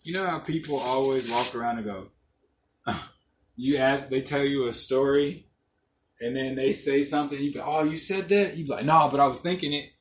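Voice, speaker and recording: A man's voice: mid-range voice, moderate pace. A young man hosting a podcast alone, telling rambling, profane stories and laughing often. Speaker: podcast host. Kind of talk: casual monologue. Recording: echoey room, faint noise.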